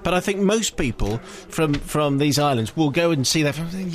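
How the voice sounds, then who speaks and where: A man's voice: on the high side, animated, normal speed. A man hosting a radio show, introducing a clip and reading a listener's email in a dry, wry way. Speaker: radio host. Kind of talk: casual radio chat.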